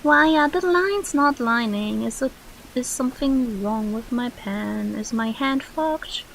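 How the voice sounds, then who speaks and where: A woman's voice: a little high, a little slow, gravelly, a bit bright, slight background noise, rough recording. A young woman streamer chatting casually with viewers while drawing, swearing freely and reacting to chat.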